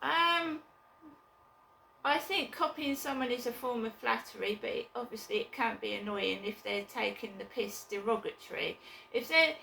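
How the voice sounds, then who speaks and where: Chatty bright-voiced woman in echoey room. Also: fairly high pitch, moderate pace, creaky, a little hiss or hum. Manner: chatty, rambling, blunt with swearing. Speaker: vlogger. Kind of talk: casual chat to camera. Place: her flat.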